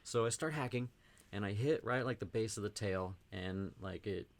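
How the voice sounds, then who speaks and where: A man's voice: lowish voice, normal speed, vocal fry, a little hiss or hum. A man from Texas, a podcast host, casually telling a rambling anecdote packed with "like" and acted-out quotes. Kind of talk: casual storytelling chat.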